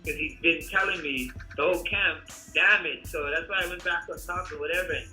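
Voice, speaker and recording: A man's voice: a little high, brisk, faint music behind, poor audio. A man, a fighter, animatedly recounting a fight in a casual interview, full of fillers. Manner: animated storytelling, frequent fillers.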